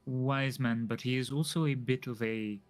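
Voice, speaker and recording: A man voicing a formal, secretive male dwarf noble who speaks in a measured, hesitant way. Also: mid-range voice, steady tone, faint music behind, close to an everyday voice. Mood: earnest. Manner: formal, hesitant, fills pauses with "um".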